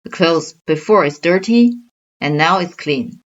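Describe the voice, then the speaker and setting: A woman teaching a grammar lesson, explaining slowly and carefully with examples. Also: fairly low pitch, expressive, muffled recording. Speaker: Chinese language teacher.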